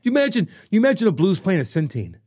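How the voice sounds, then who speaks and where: Man, blunt argumentative co-host, husky voice, lively pitch, quick pace. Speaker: podcast co-host. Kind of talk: casual sports chat.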